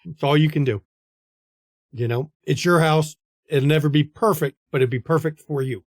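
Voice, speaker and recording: A man's voice: on the high side, moderate pace, no echo, clean studio sound. A man hosting a tabletop game stream, chatting casually and earnestly in the outro. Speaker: game master and host.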